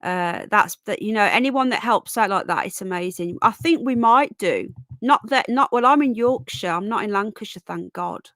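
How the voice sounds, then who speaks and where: A woman's voice: medium pitch, expressive, moderate pace, a bit bright, dry recording, studio quality. Tired, chatty woman streaming live. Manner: chatty, greets viewers by name, calls them darling and sweetheart. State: tired and yawning. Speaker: livestream host. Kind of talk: casual live-stream chat with viewers.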